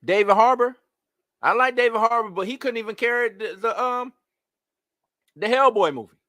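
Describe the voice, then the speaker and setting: Live-stream host, man, bright high voice, exasperated rhetorical rant, dry close sound. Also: moderate pace, no room sound. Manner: animated, rhetorical questions, exasperated. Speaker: host of a live movie-news show. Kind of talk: casual live-stream commentary.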